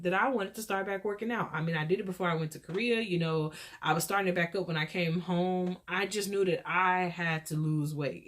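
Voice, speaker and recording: A woman's voice: mid-range voice, a bit bright. A woman with a Texas accent hosting her own show, rambling through an encouraging, preachy pep talk. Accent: Texan. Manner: scattered, rambling. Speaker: podcast host. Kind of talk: rambling solo chat.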